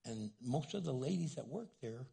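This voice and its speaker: An older man, a pastor preaching a sermon, who talks loud and animated and acts out little quotes. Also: mid-range voice, moderate pace, vocal fry, breathy edge.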